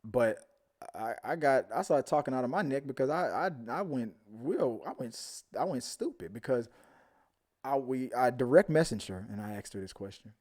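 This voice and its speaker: A man's voice: medium pitch, expressive, moderate pace, darkish tone. A man hosting a live movie talk stream, chatting casually with viewers and telling a rambling story.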